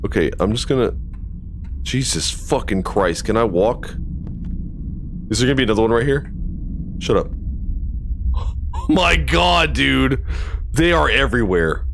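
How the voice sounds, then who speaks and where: A man's voice: mid-range voice, expressive, measured pace, vocal fry, long pauses, fairly bright tone, a little hiss or hum. A man doing live commentary on a horror game he is playing, jumpy, swearing and joking with the characters on screen.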